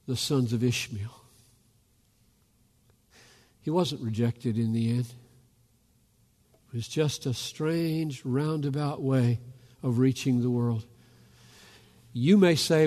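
A pastor preaching a fervent sermon, rising to loud calls as he urges his listeners. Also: medium pitch. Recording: long reverb of a large hall.

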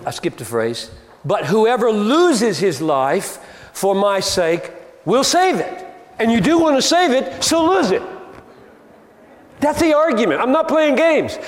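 Animated high-voiced male preacher. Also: takes it slowly. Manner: emphatic, argumentative, rhetorical questions. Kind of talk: sermon. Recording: long reverb of a large hall.

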